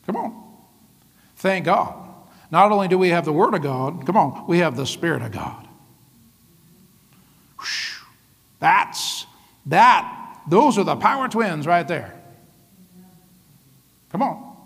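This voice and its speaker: A man preaching a sermon as pastor, lively, often laughing and calling out to the congregation. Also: high-pitched, takes it slowly, pauses often, breathy edge, big-room sound. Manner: lively, laughing often, calls out "come on" and "right?".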